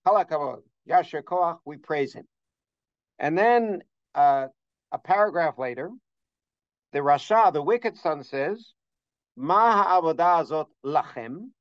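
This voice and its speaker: A man's voice: a little high, animated, unhurried, long pauses, no room sound. A middle-aged man teaching a scholarly holiday lesson, earnest and detailed in citing sources, with frequent uhs. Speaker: religious teacher. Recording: dull, dry lo-fi recording.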